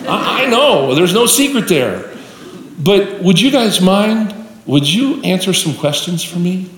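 A man's voice: high-pitched, very animated, unhurried, recorded from a distance, slight background noise, voice pushed up. A man doing a brash young golfer. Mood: earnest. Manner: blunt, exasperated. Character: brash young male golfer who swears. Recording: echoey live hall.

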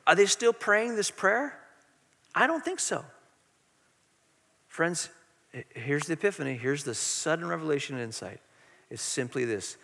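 Earnest pastor with a bright, high voice. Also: male voice, creaky, in a large hall. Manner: earnest and emphatic, with frequent repetitions. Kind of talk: sermon.

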